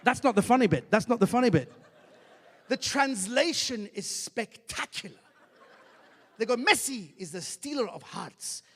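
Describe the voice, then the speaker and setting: A middle-aged man doing live stand-up with a high, lively voice that jumps into mock characters and shouted punchlines. He is recorded on a large theatre stage, his voice trailing off in the long reverb of the hall. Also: moderate pace. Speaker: stand-up comedian. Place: large theatre stage before a laughing audience.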